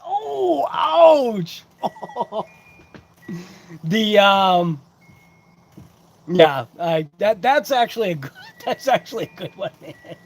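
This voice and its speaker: A man with a high, breathy-edged voice hosts a casual hobby livestream. He rambles along and greets chat viewers by name during a relaxed live-chat unboxing.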